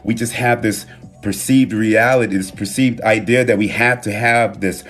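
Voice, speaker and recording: A man hosting a live stream from his phone, talking in a relaxed, reflective way with loose slang and pausing to read viewer comments. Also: on the low side, faint music behind. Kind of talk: casual live-stream talk. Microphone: phone mic.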